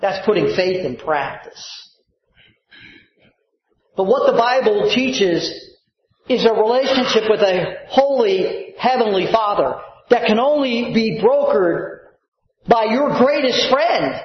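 A man's voice: high-pitched, big pitch swings, slow, roomy sound, highs cut off. A man preaching a sermon as a pastor, stretching out key words and calling for amens. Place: church sanctuary.

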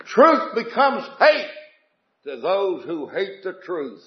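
A man's voice: high voice, big pitch swings, slow pace, echoey room, dull audio. A man preaching a revival sermon in a folksy way, asking the congregation questions and telling homespun jokes.

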